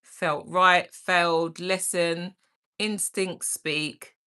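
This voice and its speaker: Slow, bright-voiced woman chatting on a livestream. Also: lowish voice, steady tone, clear, resonant tone. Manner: chatty, greets viewers by name, laughs often. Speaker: livestream host reading chat. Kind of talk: casual live-stream chat.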